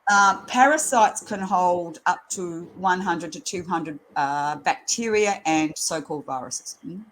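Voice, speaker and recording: A woman's voice: lowish voice, unhurried, a bit bright, a little hiss or hum. A woman in her sixties, a nurse educator speaking as an interview guest in a blunt, earthy way, often laughing as she tells stories. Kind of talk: casual interview chat.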